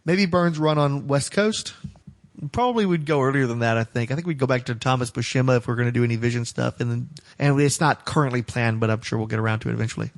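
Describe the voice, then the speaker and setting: A man's voice: medium pitch, fast talker. A man co-hosting a comics podcast, reading listener comments and giving opinionated, wry takes in casual chat. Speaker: podcast co-host.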